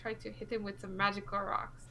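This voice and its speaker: A woman's voice: medium pitch, little pitch movement, fairly quick, pushed and bright, low-quality recording. A woman playing a tabletop game, eager and bubbly as she plays her character. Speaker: player.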